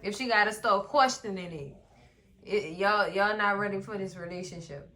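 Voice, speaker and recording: A woman in casual recap commentary, animated and sassy, often talking straight to the characters. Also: mid-range voice, normal speed. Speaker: recap vlogger.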